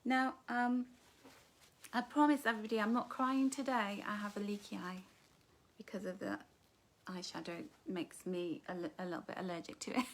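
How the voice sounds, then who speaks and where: Reading viewers' comments aloud during her live-streamed book launch, this middle-aged author speaks in a steady, mid-range voice at a normal pace. She's warm and affectionate, addressing people as darling and my love.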